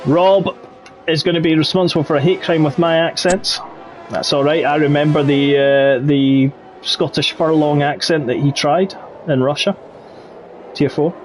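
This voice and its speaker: A man giving live commentary on a sim racing league, getting excitable when the battles get close. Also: a little high, moderate pace. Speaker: race commentator.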